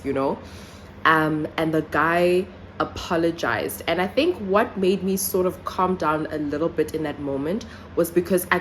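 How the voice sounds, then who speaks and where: A woman's voice: deep voice, slight background noise. A young woman from South Africa vlogging casually, telling a story with lots of fillers. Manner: chatty, animated storytelling with many fillers. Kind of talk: casual vlog chat and storytelling.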